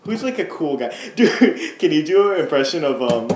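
A young man co-hosting a casual podcast, excitable and laughing often, stumbling over his words. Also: fairly high pitch, moderate pace, noisy background. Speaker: podcast co-host. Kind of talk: casual chat. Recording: roomy echo.

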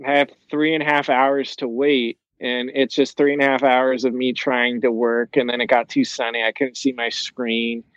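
A man's voice: mid-range voice, level tone, normal speed, hardly any pauses, a bit bright, no echo, lo-fi sound. A young man telling a long, rambling story in casual chat, swearing and using lots of fillers.

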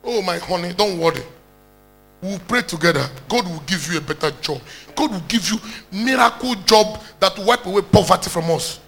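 A preacher mimicking a soft, comforting wife. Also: male voice, sits high, expressive, moderate pace, vocal fry, pitched below the performer's own voice, exaggerated voice. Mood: soothing. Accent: Nigerian. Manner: soft soothing voice.

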